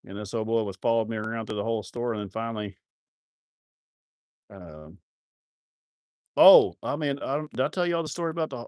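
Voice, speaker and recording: A man's voice: mid-range voice, no room sound, studio quality. A man hosting a casual farm livestream, rambling and joking with viewers in a self-mocking way with crude words. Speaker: livestream host of a cattle farm channel. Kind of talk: casual live-stream chat reading viewer comments.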